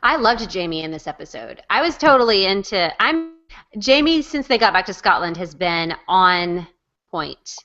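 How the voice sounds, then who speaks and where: A woman co-hosting a casual fan chat over a video call, enthusiastic with quick asides. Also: medium pitch, very animated, bright, forceful tone, highs cut off, faint music behind. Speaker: podcast co-host.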